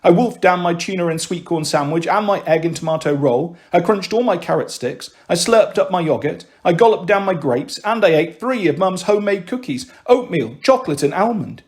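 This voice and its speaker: A man reading a children's novel aloud in steady, clear storytelling narration. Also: high voice, a little fast, hardly any pauses. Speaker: audiobook reader.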